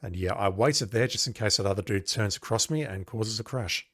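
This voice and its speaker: A man's voice: lowish voice, a little fast, a bit bright. A man giving casual, wry, chatty commentary while playing through a retro game. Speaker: let's-play host.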